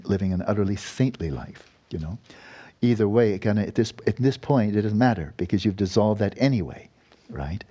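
A man giving a Buddhist dharma talk and guiding a meditation. He talks in an unhurried, rambling way, often adding tag questions and soft laughs. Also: on the low side, slightly rough. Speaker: meditation teacher.

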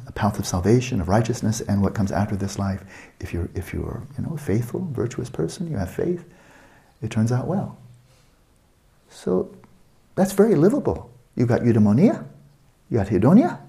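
Brief: male meditation teacher, lecture delivery, low mellow voice, rhetorical and emphatic. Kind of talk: spoken dharma lecture.

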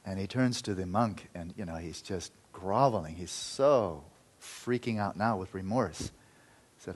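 A man giving a Buddhist dharma talk, telling a story in an earnest, loose way that often falls quiet. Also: lowish voice, a little slow, slight background noise. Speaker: Buddhist teacher.

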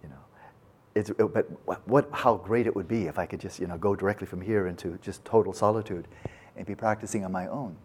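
A male meditation teacher giving a dharma talk at a retreat, telling a parable in a folksy, animated way with casual asides. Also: low voice, a little fast, slightly rough.

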